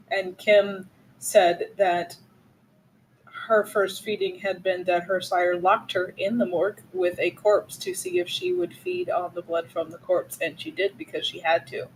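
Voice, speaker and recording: A woman's voice: mid-range voice, normal speed, a little hiss or hum, poor audio. A woman playing a tabletop role-playing game, retelling what her character did in a hesitant, filler-heavy way. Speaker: player. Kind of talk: tabletop role-play, mixing narration and in-character lines.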